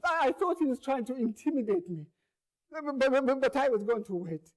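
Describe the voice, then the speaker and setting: Telling his own story in a performed monologue, a man speaks fairly quickly in a very high-pitched voice with lively intonation. He is earnest, repeating words and phrases and growing louder as the tension rises.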